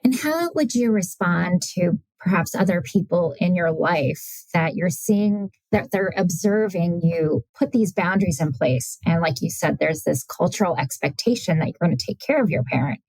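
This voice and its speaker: A woman podcast host asking measured, careful interview questions. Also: fairly low pitch, animated, a little mellow, no room sound, low-quality recording.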